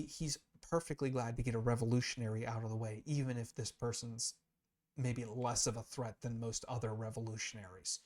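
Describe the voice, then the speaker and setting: A man's voice: mid-range voice, darkish tone. A man teaching Scripture in a casual, explanatory way, earnest and emphatic, often restarting mid-sentence as he thinks aloud. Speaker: Bible teacher.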